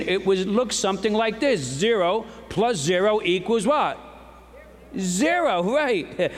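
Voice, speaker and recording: High-voiced man preaching in reverberant hall. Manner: earnest, emphatic preaching with rhetorical questions. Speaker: pastor. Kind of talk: sermon.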